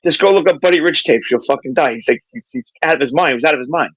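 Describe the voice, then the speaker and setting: A man hosting a casual livestream chat, telling profane, animated stories in a bright, slightly raised voice. The sound is dry and close. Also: a little high, fast talker, breathy edge, no echo, muffled recording. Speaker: host.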